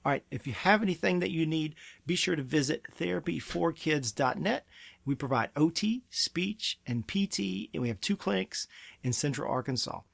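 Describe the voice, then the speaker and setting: Man, gravelly and fairly high-pitched, earnest parenting advice in a dry, close sound. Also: animated, normal speed, fairly bright tone, dry recording. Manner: earnest, emphatic, acts out parent and child quotes. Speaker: pediatric therapy clinic presenter. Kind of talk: advice talk to camera.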